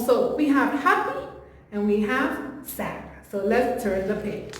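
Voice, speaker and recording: Woman teacher, slow storybook reading, animated gasps, questions to kids, long reverb hall. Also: extremely high pitch, a little hiss or hum. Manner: animated, gasping in surprise, quizzing the children. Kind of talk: reading a picture book to young children. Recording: very echoey room with long reverb.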